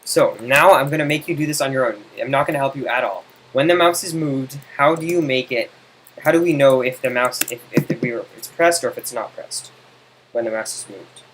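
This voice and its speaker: A man tutoring someone in code, impatient and teasing, explaining in quick exasperated bursts. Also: mid-range voice, a little hiss or hum, low-quality recording. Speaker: coding tutor. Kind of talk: casual screen-side coding help.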